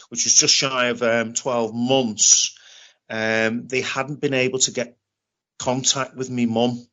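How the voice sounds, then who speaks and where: A middle-aged British man telling a personal story in an interview, halting and often repeating himself as he restarts. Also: mid-range voice, fairly bright tone. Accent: British English. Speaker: interview guest. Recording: dull lo-fi recording.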